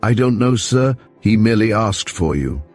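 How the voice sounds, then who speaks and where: A man's voice: on the low side, expressive, moderate pace, darkish tone, soft background music, voice pushed up, lightly acted. A man voicing a polite, deferential manservant in an audiobook reading. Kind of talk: audiobook character voice.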